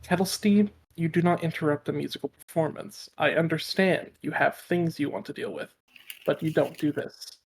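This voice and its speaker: A man voicing a bard who scolds quietly under his breath. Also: fairly even intonation, normal speed, slight background noise, close to an everyday voice. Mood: stern hushed. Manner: low and hushed, under the breath.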